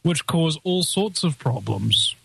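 A man's voice: fairly high pitch, big pitch swings, slow, creaky, pushed and bright, husky, no room sound. A man hosting a radio talk show, chatting casually in a rambling, joking way with many fillers.

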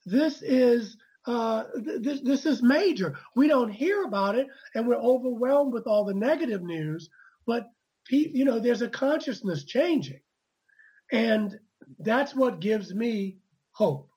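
Husky, earnest woman author. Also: on the high side, lively intonation, a little slow, a little mellow, rough recording. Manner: earnest, repetitive stammering starts. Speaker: author guest. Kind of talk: conversational interview.

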